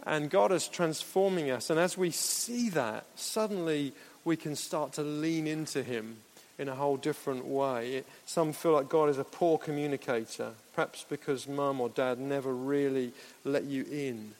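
A preacher delivers a sermon in an earnest, conversational manner with playful asides. His voice sits high for a man and has a gravelly, creaky texture. It echoes through a large hall. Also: moderate pace, a little mellow.

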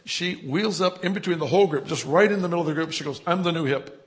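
A man's voice: sits high, quick pace, heavy background noise. A man who leads a church, telling healing stories in an interview and chuckling as he builds them up. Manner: storytelling, chuckling, grows animated and loud. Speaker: church leader.

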